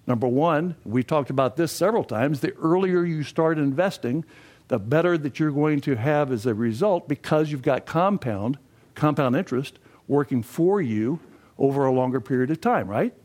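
A man's voice: on the high side, expressive, normal speed, darkish tone. An older man giving a classroom lecture on finances, folksy and posing questions to the class before answering them himself. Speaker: financial education instructor.

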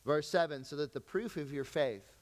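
Casting: man with a slightly high voice, pastor delivering a conversational sermon, church hall with long echo. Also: moderate pace. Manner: conversational preaching with acted-out quotes.

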